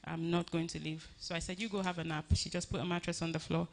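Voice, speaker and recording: A woman giving a personal tribute at a funeral service, telling her story earnestly with many halting restarts. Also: fairly low pitch, flat delivery, vocal fry.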